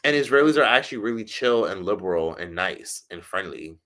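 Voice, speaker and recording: A man's voice: animated, brisk, bright, forceful tone. A man with an American accent chatting casually on a livestream, reading comments from his chat and answering them in a chatty, profane way with frequent laughs. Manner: chatty, profane, laughs often, mimics others in high voices. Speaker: streamer reading live chat. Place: indoors in Algeria.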